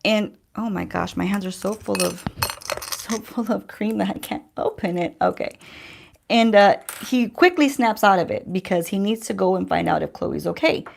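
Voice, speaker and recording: A woman's voice: mid-range voice, expressive, moderate pace, gravelly, a little hiss or hum. A woman beauty vlogger chatting casually to her viewers while she does her makeup, asking them questions as she tells a story. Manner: chatty, addresses viewers directly, rhetorical questions. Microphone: handheld-range mic while holding a mirror.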